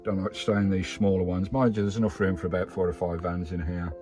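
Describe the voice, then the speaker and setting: A man from the UK talks to his camera outdoors, breathless from climbing, his voice climbing high as he exclaims over and over. Background music plays under his words. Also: quick pace, low-quality recording. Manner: exclamatory and enthusiastic, lots of "wow"; relaxed, rambling chat with fillers. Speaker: vanlife vlogger. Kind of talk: casual vlog commentary.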